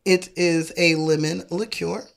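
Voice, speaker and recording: A woman's voice: fairly low pitch, steady tone, unhurried, vocal fry. A young woman co-hosting a casual chat, explaining drinks in a laid-back, rambling way with frequent laughs. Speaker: co-host making cocktails.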